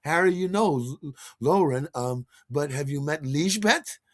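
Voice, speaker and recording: A man's voice: on the high side, lively intonation, unhurried, pitched above the performer's own voice. A man voicing a fierce tall young woman at a party, in a lifted, gushing quoted voice. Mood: eager.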